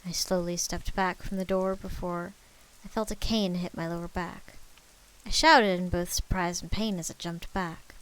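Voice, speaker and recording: A woman's voice: fairly low pitch, fairly even intonation, moderate pace, clean tone, rough recording. A woman reading a spooky story aloud on a live stream, narrating in the first person and sometimes stepping out of it to joke about her own character accents.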